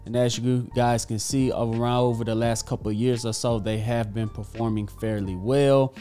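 A man hosting a casual finance video, upbeat and energetic with offhand asides. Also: mid-range voice, normal speed. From Texas. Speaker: host. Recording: faint background music.

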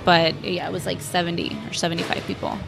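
A woman's voice: fairly low pitch, very animated, quick pace, creaky, music in the background. A young woman from Mexico, the owner's daughter, chatting about her family's restaurant with lots of "like" and "um". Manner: chatty, frequent "like" and "um". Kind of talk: casual interview.

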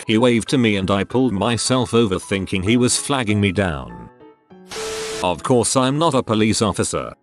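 A man reading online stories aloud as scripted narration at a steady, even pace. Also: on the low side. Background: faint background music.

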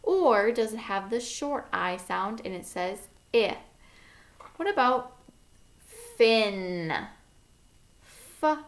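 A woman teaching a phonics lesson to kindergarteners, sounding out letters one by one and praising often. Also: medium pitch. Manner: slow, sound-by-sound enunciation with encouraging praise. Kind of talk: phonics lesson for young children.

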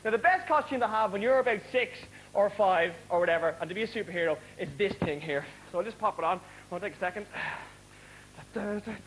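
A man doing stand-up comedy in a TV studio, loud and excitable, acting out the people in his stories. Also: sits high, quick pace, hardly any pauses. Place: TV studio with a live audience. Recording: live studio audience, noisy broadcast recording.

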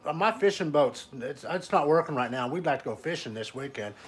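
A man's voice: on the high side, expressive, fairly quick, lightly acted. A man putting on a rambling old trailer-park fisherman. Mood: folksy. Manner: drawling, calls everyone son, tells tall tales. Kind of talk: prank phone call.

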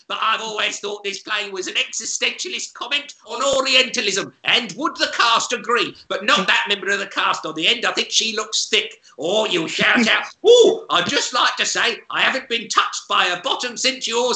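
A man's voice: sits high, lively intonation, moderate pace, few pauses, pushed and bright, exaggerated voice. Cackling old crone lady, a guy putting her on, piercing and swoopy, echoey home call. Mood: cackling, cursing. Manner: swings between cooing and snapping, cackles. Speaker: comedy club co-host. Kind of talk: improvised comic character bit.

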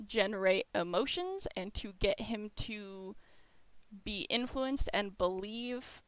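A woman's voice: mid-range voice, expressive, slow pace, smooth, dry recording. A woman playing a tabletop game, talking casually and thinking aloud through the rules. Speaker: player.

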